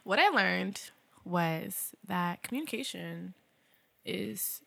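Bright, dry-sounding young woman chatting. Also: fairly low pitch, takes it slowly, gravelly, dry recording. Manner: animated, playful, laughs often. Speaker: podcast co-host. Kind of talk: casual chat. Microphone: close podcast mic.

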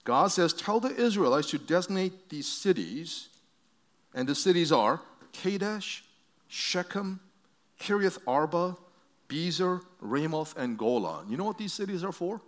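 Guy preaching to his church, kinda high voice, chatty and storytelling, lots of restarts. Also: lively intonation, unhurried. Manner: conversational, anecdotal preaching with restarts. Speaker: pastor. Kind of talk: sermon.

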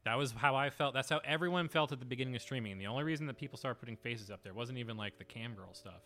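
A man's voice: mid-range voice, racing, bright, forceful tone, slight background noise. A man co-hosting a podcast in casual chat. He speaks emphatically and wanders off into strong opinions. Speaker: podcast co-host.

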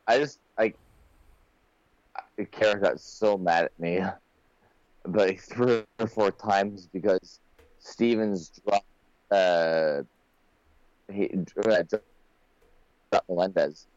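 A man co-hosts a casual podcast from home, rambling and restarting his sentences often. His voice sits a little low. The sound is dry and dull, like a lo-fi mic. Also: takes it slowly, pauses often, darkish tone, no room sound. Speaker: podcast co-host. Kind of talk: casual chat.

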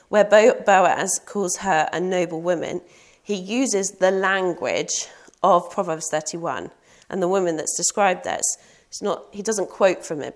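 A woman's voice: fairly low pitch, darkish tone. Earnest woman preaching a sermon. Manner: earnest, personal and searching, with rhetorical questions.

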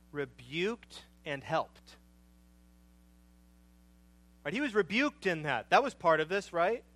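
Male preacher, middle-aged: high voice, slow measured delivery, emphatic, repetitive cadences. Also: dry recording, low-quality recording. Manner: emphatic, repeats phrases, rises to loud passionate peaks then drops low. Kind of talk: sermon.

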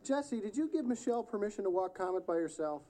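An actor playing a calm, easygoing male friend in a sitcom, talking in a mild, friendly way. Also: high-pitched, fast, a little hiss or hum. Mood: concerned. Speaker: sitcom character. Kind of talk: multi-camera sitcom acting.

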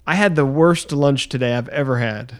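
A man co-hosting a podcast, joking dryly in casual banter and often halting with fillers. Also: medium pitch. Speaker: podcast co-host.

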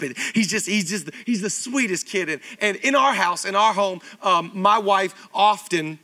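A high-pitched man in his thirties, serving as pastor, gives a sermon in a church auditorium. He sounds lively and chatty and repeats himself a lot.

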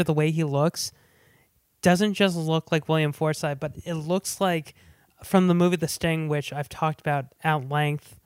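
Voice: medium pitch, clear, resonant tone, no echo, studio quality. A podcast co-host chatting about movies in an eager, rambling way, with restarts and asides. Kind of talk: casual movie chat.

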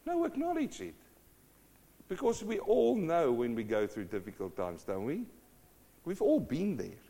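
A middle-aged pastor preaching a sermon with a fairly high voice. He talks in a conversational, animated way. He acts out little scenes as he goes. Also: a little slow, vocal fry.

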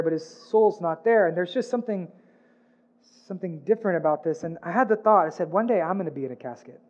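A man preaching a sermon in an earnest way, rising on his questions and dropping soft and low on somber lines. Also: lo-fi sound. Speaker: pastor.

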